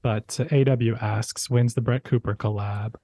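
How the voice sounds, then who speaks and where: A man's voice: medium pitch, fairly even intonation, normal speed, warm tone, no room sound. A man co-hosting a casual talk show who reads viewer comments aloud and jokes easily. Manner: joking, easygoing. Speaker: co-host reading viewer comments. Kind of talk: casual chat.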